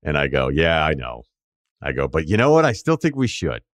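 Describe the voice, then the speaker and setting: A man's voice: extremely low pitch, wildly swooping pitch, brisk, no echo, clean studio sound. A man hosting a podcast, telling a rambling, profane anecdote in a casual storytelling way. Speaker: podcast host.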